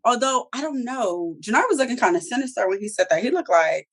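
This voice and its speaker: A woman's voice: on the high side, expressive, fast. Slangy woman recapping a TV episode. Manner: slangy, profane storytelling with acted-out quotes. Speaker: TV show reviewer.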